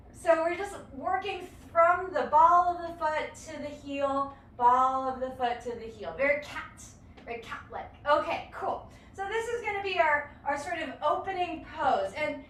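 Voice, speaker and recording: A woman's voice: high-pitched, a bit bright, recorded from a distance, a little hiss or hum. A woman teaching a live-streamed dance lesson, counting beats aloud in a playful, encouraging way. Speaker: dance instructor. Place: home or studio room. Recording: echoey room, voice from afar.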